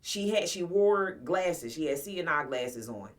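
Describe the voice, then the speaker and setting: A woman's voice: low voice, expressive, measured pace, distant mic. A woman in her forties casually telling a personal story to her viewers, blunt, slangy and profane. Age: 40s. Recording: voice somewhat off-mic.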